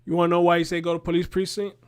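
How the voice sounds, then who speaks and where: Host, man, high voice, heated and profane, rhetorical. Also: rapid-fire, clear, resonant tone. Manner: animated, profane, fires rhetorical questions. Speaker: commentary show host. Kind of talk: reacting to a news clip.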